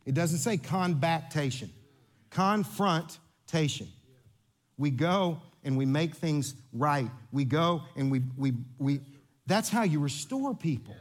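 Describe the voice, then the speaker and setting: A pastor with a notably high voice delivers a sermon a little slowly but with lively, playful energy. He jokes, repeats himself to drive points home, speaks straight to the congregation, and coaches volunteers on stage.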